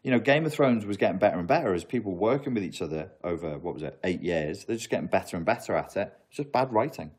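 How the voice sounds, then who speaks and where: A man's voice: low voice, fast, few pauses, husky. Ranting man on a livestream. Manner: animated ranting with emphatic repeats. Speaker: livestreamer answering chat questions. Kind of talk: casual livestream Q&A.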